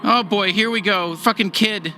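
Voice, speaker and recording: A man's voice: sits high, moderate pace, close to an everyday voice. A man voicing a nervous, chatty alien gun sidekick that rambles and stammers, with game music behind.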